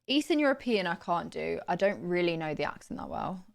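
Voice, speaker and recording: A woman's voice: on the low side, sing-song, fairly quick, creaky, no echo, clean studio sound. A young woman chatting casually on a live stream, playful and talkative. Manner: chatty, playful, trying out accents. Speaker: livestreamer.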